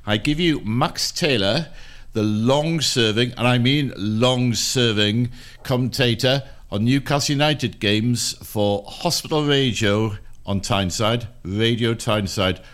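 A man's voice: medium pitch, unhurried, a bit bright. A man hosting a radio football show, chatty and teasing, now and then stumbling over words.

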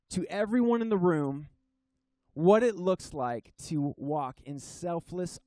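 A man, a pastor, preaching a sermon at a church service in an earnest, emphatic way, slowing down on key phrases and sometimes restarting his sentences. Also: sits high, darkish tone, no room sound.

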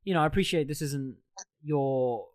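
A man's voice: fairly high pitch, darkish tone. Chatty male podcast host, loose and jokey, on a video call. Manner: chatty, rambling, quick to joke. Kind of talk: casual chat.

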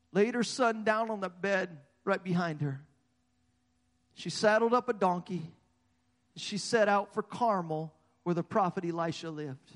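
Passionate preacher guy telling a story, high voice, lots of echo. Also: fairly bright tone. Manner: passionate, repeats words, builds intensity. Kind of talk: sermon storytelling. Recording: long hall reverb.

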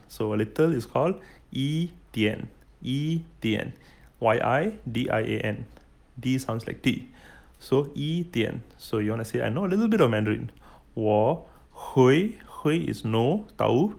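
Gravelly man teaching Mandarin. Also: medium pitch, a little mellow. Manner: explains patiently, spells out words letter by letter. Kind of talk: casual spoken language lesson.

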